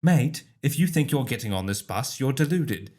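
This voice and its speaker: A man's voice: medium pitch, expressive, normal speed, darkish tone, natural voice. A man voicing a firm male bus driver with a put-on British accent in a comedy podcast reading.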